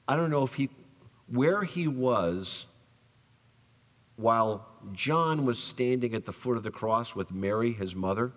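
Brief: male pastor, mid-pitched voice, preaching with lively storytelling, church reverb. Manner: animated storytelling, acts out quoted voices, drops soft for tender lines. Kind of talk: sermon. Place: church sanctuary.

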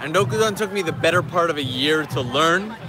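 Walking through a park, a man hosts a casual livestream, chatting and answering viewer questions. His voice is a little high and animated, his pace a little fast, and crowd noise is audible.

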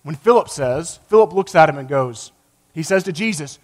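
A man preaching a sermon with passion, rising to loud emphatic peaks and dropping to a low, quiet voice, sometimes acting out quoted lines. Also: lively intonation, moderate pace. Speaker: pastor.

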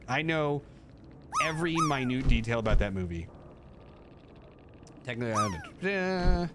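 A man hosting a live stream, chatting casually and rambling as he reads and answers his chat. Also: background noise. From United States. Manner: chatty and rambling, jumping up high when thanking viewers.

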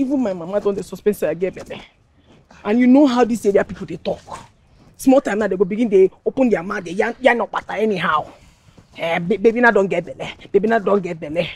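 A woman's voice: mid-range voice, darkish tone. A young woman with a Nigerian accent, teasing and complaining in film dialogue. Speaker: pregnant girlfriend.

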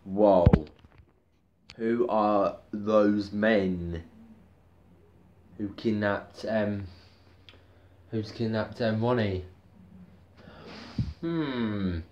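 A man talks through a casual video review at an unhurried, slow pace. His voice sits a little low, and he rambles and circles back to the same points with lots of ums and yeahs. A faint hiss of noise sits under his voice. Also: darkish tone, dull audio. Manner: rambling, repetitive, lots of fillers. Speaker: TV soap reviewer.

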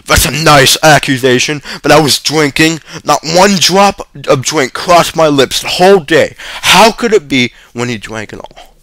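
A man's voice: on the low side, bright, forceful tone, clear, resonant tone, no echo. A man reading a story and voicing a father who hisses and whines in defensive self-pity. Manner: hissing, whining, defensive. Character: sheepish, self-pitying father caught drinking.

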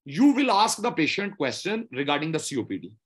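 A man lectures on medical exam steps, his fairly high voice rising and falling a lot. He sounds a bit husky and keeps repeating points and asking "okay?" to check understanding. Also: big pitch swings, a little fast. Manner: repetitive, explanatory, frequent "okay?" checks.

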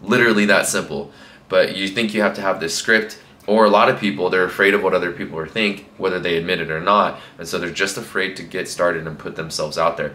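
A man's voice: low voice, pushed and bright. A young man talking casually to camera as a fitness coach, rambling with lots of fillers. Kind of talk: casual motivational talk to camera. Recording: echoey room.

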